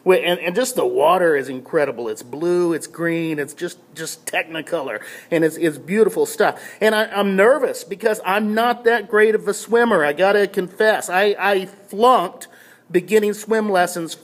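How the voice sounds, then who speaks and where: A man's voice: sits high, normal speed. A man giving a short devotional talk, telling a personal story in a casual, self-deprecating way with many restarts before drawing a faith lesson. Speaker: pastor.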